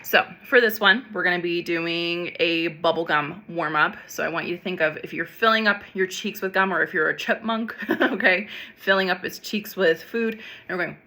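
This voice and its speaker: A middle-aged woman voice teacher gently explaining a neck stretch and vocal warm-up, chatty and full of fillers. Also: lowish voice, normal speed. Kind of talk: instructional vocal warm-up demonstration.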